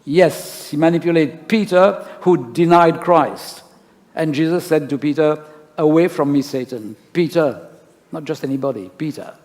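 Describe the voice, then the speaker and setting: Man, pastor, storytelling sermon, rhetorical questions, fairly high voice, long church reverb. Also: a little slow, darkish tone.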